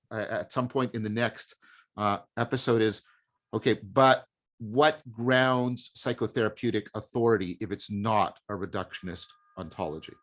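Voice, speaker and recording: A man's voice: mid-range voice, a bit bright. A man hosting an academic discussion, thinking aloud and searching for his words as he poses a question. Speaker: host.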